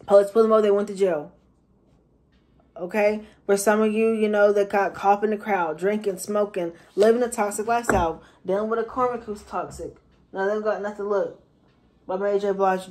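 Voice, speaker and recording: A chatty woman gives a casual tarot reading for viewers, slangy and repeating herself for emphasis. Her voice is medium in pitch and slightly mellow.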